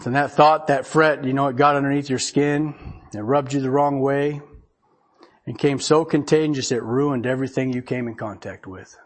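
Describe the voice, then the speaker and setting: A man's voice: mid-range voice, fairly even intonation, normal speed. A man preaching a conversational sermon, folksy and chuckling often as he reads scripture aloud. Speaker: pastor.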